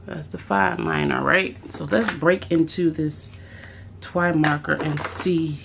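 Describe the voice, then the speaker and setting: Low-voiced woman musing slowly. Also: fairly even intonation, gravelly, background noise. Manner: musing aloud, with fillers and restarts. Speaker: craft vlogger. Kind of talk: casual unboxing chat.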